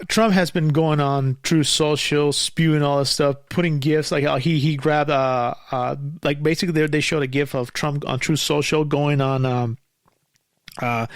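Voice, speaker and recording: Male host, fairly high voice, heated profane rant, dry close recording. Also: dry recording. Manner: angry, profane, rambling with many restarts and fillers. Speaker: podcast host. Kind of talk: casual ranting monologue.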